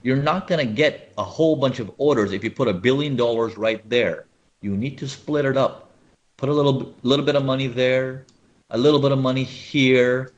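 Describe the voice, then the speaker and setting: A man's voice: medium pitch, moderate pace, highs cut off. A man running a live webinar on trading, explaining charts and often checking whether viewers follow. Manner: animated, asks viewers often. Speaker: trading educator.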